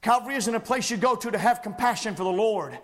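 A man preaching a sermon with rising passion, breaking into shouted lines punctuated by "uh" breaths. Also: sits high, fast.

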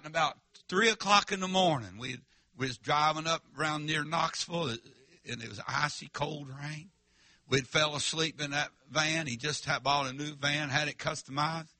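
Bright-voiced preacher man. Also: on the high side, moderate pace, no echo. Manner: folksy, emphatic, calls out to the congregation. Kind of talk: revival sermon storytelling.

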